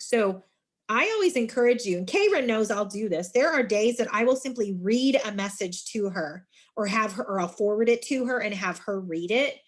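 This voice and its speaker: A middle-aged woman talks through a leadership workshop in a middle-pitched, ordinary speaking voice. She addresses her listeners as friends and slips into lively, emphatic storytelling to make her points. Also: moderate pace. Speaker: university student involvement director.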